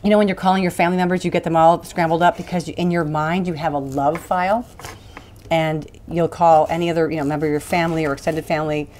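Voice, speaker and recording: A woman's voice: deep voice, fairly even intonation, fast talker, a little mellow, slight background noise. A woman hosting a casual cooking demonstration in a kitchen, chatting and rambling with frequent laughs. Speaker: cooking show host.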